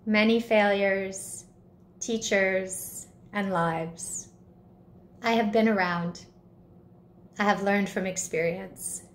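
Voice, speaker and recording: A woman voicing a gentle, wise butterfly. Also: mid-range voice, slow pace, pauses often, echoey room, a little hiss or hum, close to an everyday voice. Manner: calm, sweet, patient. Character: wise, gentle female butterfly, newly transformed. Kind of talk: storybook reading.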